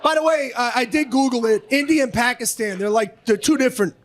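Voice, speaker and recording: A middle-aged man performs stand-up on a club stage. His voice sits unusually high, and he rants loudly and profanely, often breaking into shouts. The recording carries plenty of noise. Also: a little fast. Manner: loud, profane, ranting with frequent shouting. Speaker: stand-up comedian. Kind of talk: stand-up comedy set. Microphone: handheld stage mic. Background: audience laughter.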